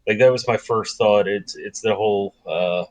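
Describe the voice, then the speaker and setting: Low-voiced man with halting talk. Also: no room sound. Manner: hesitant, halting, repeats words. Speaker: panelist. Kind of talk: casual discussion on a video call.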